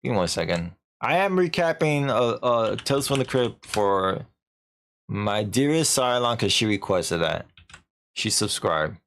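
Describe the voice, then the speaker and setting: A man's voice: fairly low pitch, big pitch swings, unhurried, a bit bright. A young man streaming, casually recapping a story in a rambling, slangy way with lots of filler.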